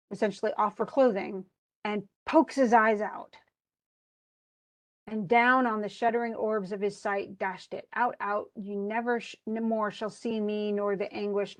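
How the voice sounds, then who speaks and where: A woman teaching literature, retelling a tragedy and reading its lines aloud, with lively storytelling and many restarts. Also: mid-range voice. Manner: animated storytelling, reads quoted lines aloud, frequent restarts. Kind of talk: lecture retelling a play.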